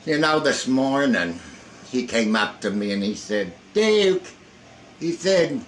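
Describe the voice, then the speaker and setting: A man's voice: on the low side, expressive, unhurried, a bit bright, slight background noise, low-quality recording. An older man who tells folksy jokes and stories in a rambling way, sitting indoors. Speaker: storyteller. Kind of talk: casual folksy joke-telling. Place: indoors in a hot room.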